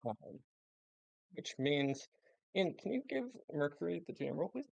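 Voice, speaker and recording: A man narrating as game master of a tabletop game over a voice call, relaxed and hesitant, with many fillers. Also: on the high side, normal speed, gravelly, highs cut off.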